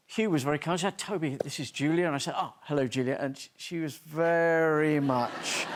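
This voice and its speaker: Bit high guy rambling thru a story, keeps restarting himself, self mocking. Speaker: talk show guest. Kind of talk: anecdote telling.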